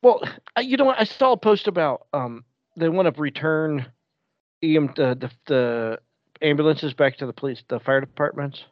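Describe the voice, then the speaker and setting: A man who drives a bus, chatting casually and telling stories with jokes and lively quoted asides. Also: a little high, normal speed, dry recording, highs cut off. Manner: joking, animated storytelling. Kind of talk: casual chat.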